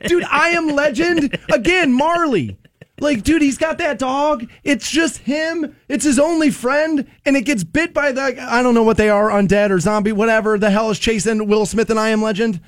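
A man hosting a rock radio show, telling stories loudly and laughing at himself between promo reads. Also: very high-pitched, moderate pace, no room sound, clean studio sound. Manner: animated, shouting storyteller who laughs at himself. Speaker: radio morning show host. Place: radio studio.

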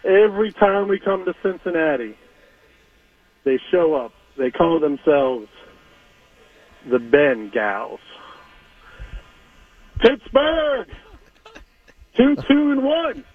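A man on a tinny phone line rattles off comic rhyming trash talk in a playful, mocking voice. His pitch is high and swings widely, and he takes his time with every line. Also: big pitch swings, slow pace, long pauses, husky. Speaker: caller doing a weekly rap segment.

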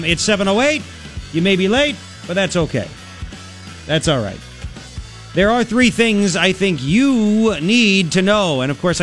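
A man's voice: high-pitched, a bit bright. A man hosting a talk radio show, delivering a brash, sarcastic, opinionated monologue into a studio microphone.

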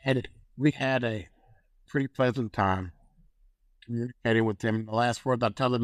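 A man's voice: medium pitch, normal speed, no echo, poor audio. Older man telling a story with animation. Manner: animated storyteller, acts out phone calls in voices. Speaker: guest, activist. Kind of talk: storytelling in a conversation.

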